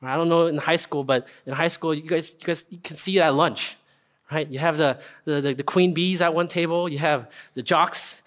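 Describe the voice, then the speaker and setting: A young man preaching a casual, earnest sermon, often checking in with listeners with a quick "right?". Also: on the high side, steady tone, a bit bright. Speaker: pastor. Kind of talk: conversational sermon.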